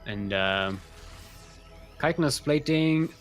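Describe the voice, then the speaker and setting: A man's voice: mid-range voice, animated, takes it slowly. An Australian man calls a strategy match live, his voice rising and falling a lot. He jokes and rambles as he talks. Faint music plays under him. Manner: joking, rambling, laughs often. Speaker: esports caster. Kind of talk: live game commentary.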